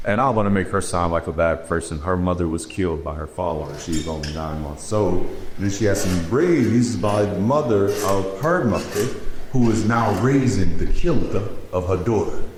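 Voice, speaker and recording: A former pastor, telling his story to an audience, swinging from high and loud to low and quiet. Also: animated, moderate pace. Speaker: former pastor giving a talk. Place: large auditorium. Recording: echoey hall, faint room noise.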